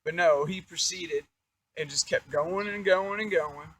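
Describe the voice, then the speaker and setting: Excitable young man, high voice. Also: measured pace, slightly rough, rough recording. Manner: excitable, profane, rambling with fillers. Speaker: vlogger telling a life story. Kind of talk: casual storytelling.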